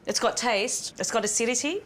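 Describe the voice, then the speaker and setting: A woman's voice: fairly high pitch, expressive, a little fast, fairly bright tone, slight background noise. Blunt, brash woman running a food shop. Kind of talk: unscripted banter on a TV show. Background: background music.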